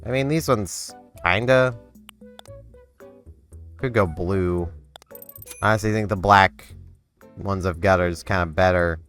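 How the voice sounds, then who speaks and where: A man casually chatting through a life-sim game in a relaxed, rambling way. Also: low voice, a little slow, pauses often, clean tone, faint music behind. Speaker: gaming channel host. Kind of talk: casual gameplay commentary.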